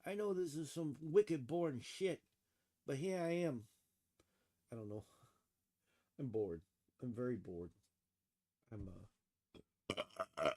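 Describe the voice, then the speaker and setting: A man streaming late at night, rambling and swearing as he pokes fun at himself. He sits right up against his desk mic at home. His voice is mid-pitched and his delivery is loose and unscripted. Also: expressive, slow, long pauses. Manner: rambling, self-mocking and profane. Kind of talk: casual solo livestream chat.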